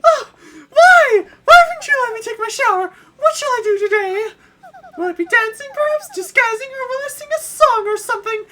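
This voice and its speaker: A man voicing a prim, easily annoyed princess in a high, theatrical falsetto while playing a game. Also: expressive, fairly quick, noisy background. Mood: indignant. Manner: shrill, theatrical, indignant. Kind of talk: let's play voice acting.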